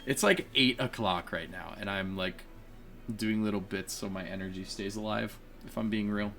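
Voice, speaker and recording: A man's voice: fairly low pitch, normal speed, gravelly, fairly bright tone, faint music behind. A man giving casual, chatty commentary on his own gameplay, laughing often and poking fun at himself. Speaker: let's play gamer.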